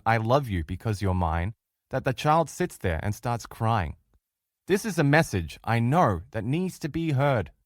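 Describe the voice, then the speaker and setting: A man's voice: mid-range voice, dry recording, clean studio sound. A middle-aged man with an Australian accent teaching a relationship course in an earnest, emphatic way, speaking straight to his listeners. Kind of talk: recorded lecture.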